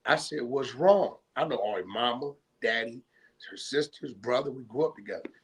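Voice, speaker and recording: A man's voice: medium pitch, a little fast, a bit bright, slightly rough. A man from California retelling a story in casual streetwise slang, often checking in with "right?" and acting out both sides of old phone calls. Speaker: guest.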